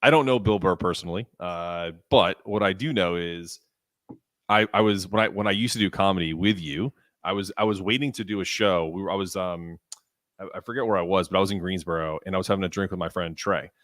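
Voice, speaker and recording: A man co-hosting a podcast, telling an animated story with lots of restarts. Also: low-pitched, a little fast, no echo, clean studio sound. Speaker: podcast co-host. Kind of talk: casual chat.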